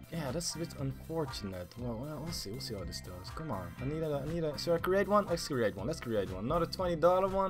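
A man runs casual commentary over his gaming session, excitable and quick to swear, dropping into mumbles and then yelling. His voice is bright and on the higher side, with a very lively pitch. Faint music plays underneath. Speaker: gaming YouTuber.

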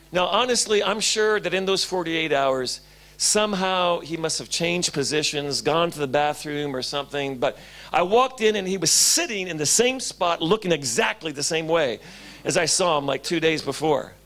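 A male pastor preaching a sermon in a church, telling stories animatedly and swinging between loud and hushed. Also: fairly high pitch.

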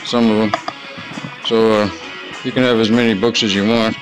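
A man vlogging to his viewers in a rambling, profane monologue, full of fillers and quick apologies. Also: fairly low pitch, little pitch movement, low-quality recording. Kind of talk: casual rambling monologue to camera. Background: background music.

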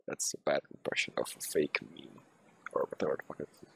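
A young man streaming a game live, talking to himself and yelling and swearing in sudden bursts at his teammates. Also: extremely low pitch, fairly quick, creaky, husky, dry recording. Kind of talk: live gameplay commentary.

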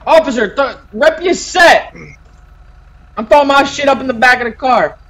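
A man voicing a loud, boastful male street gang member in a game role-play, taunting in heavy street slang. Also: extremely high pitch, normal speed. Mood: hyped taunting.

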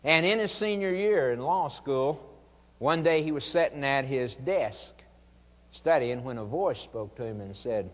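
A man's voice: medium pitch, animated, unhurried. Earnest male preacher in a reverberant hall. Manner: earnest pleading, rising to fervent emphasis. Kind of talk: evangelistic sermon.

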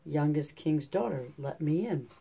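A man plays a persistent old frog who coaxes and insists in a deep, dark storybook voice. The delivery stays close to the reader's own tone. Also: lively intonation, measured pace, creaky, husky, exaggerated voice. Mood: pleading.

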